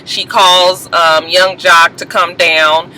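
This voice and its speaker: A woman giving a casual, gossipy TV episode recap, animated and sassy, laughing often and swearing freely. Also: lowish voice, takes it slowly, slight background noise, poor audio. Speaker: TV show reviewer.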